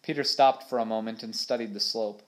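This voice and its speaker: Measured male audiobook narrator. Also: fairly low pitch, fairly even intonation. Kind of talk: storybook narration.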